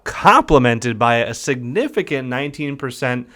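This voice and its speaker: A man's voice: mid-range voice, expressive, normal speed, fairly bright tone. A man co-hosting a casual podcast, upbeat as he reads out market forecasts and quizzes his partner. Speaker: podcast co-host, realtor.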